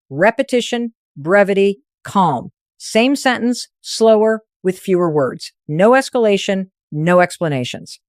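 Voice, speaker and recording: Female motivational narrator, lower register, firm coaching delivery, short punchy lines, dry close sound. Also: clear, resonant tone, no echo.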